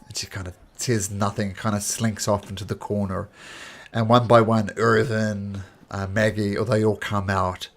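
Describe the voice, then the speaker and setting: A man's voice: on the low side, level tone, normal speed, fairly bright tone. A man narrating as a tabletop game master, rambling with many fillers.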